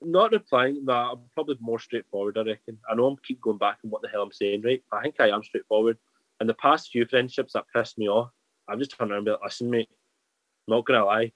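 A man's voice: medium pitch, quick pace, a bit bright, no room sound, poor audio. A man chatting as a podcast guest, candid and rambling, often restarting his sentences. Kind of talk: casual chat.

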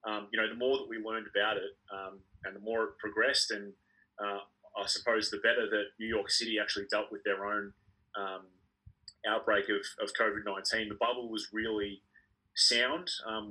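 A man's voice: on the low side, flat delivery, moderate pace, pushed and bright, breathy edge, rough recording. A man co-hosting a sports podcast, speaking thoughtfully and hesitantly with many ums. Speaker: podcast co-host. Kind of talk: casual sports podcast chat.

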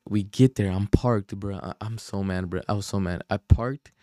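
A young man on a podcast tells a story in a casual, slang-heavy way, swearing and often losing his thread. His voice is low, dark and relaxed. The sound is dry and close. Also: normal speed, dry recording. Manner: rambling, slangy, profane, loses his train of thought. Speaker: podcast host.

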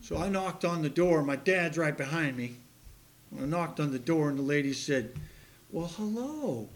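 An older male pastor preaching in a fairly high, light voice. He tells homespun stories with self-deprecating humor and often laughs at himself. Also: steady tone, normal speed. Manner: laughs at his own story. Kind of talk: sermon.

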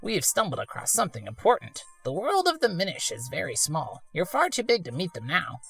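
Woman doing a snooty raspy talking hat, bossy and prim, voice swooping all over. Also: lowish voice, huge pitch swings, fairly quick, fairly bright tone, soft background music, voice pushed up, exaggerated voice. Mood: lecturing. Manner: prim, lecturing, old-fashioned phrasing. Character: haughty male talking hat, fussy and condescending. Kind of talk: let's-play voice acting.

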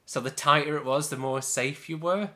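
A man's voice: fairly high pitch, normal speed, bright, forceful tone. A man hosting a casual film podcast, telling stories animatedly and laughing often. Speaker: podcast host.

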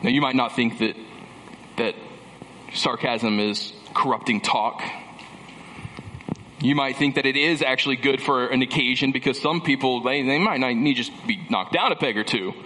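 Guy preaching a sermon, emphatic and repetitive, a bit sarcastic, mid pitch, big echoey hall w/ faint hiss. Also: normal speed, sharp tone. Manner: emphatic, builds through repeated phrases with dry sarcastic asides. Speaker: pastor. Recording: long reverb of a large hall with faint background noise.

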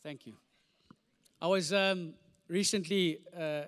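A man in his forties, a pastor preaching with animated, comic storytelling, sound effects and repeated phrases. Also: extremely high pitch, a little fast, no echo. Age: 40s. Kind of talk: storytelling sermon.

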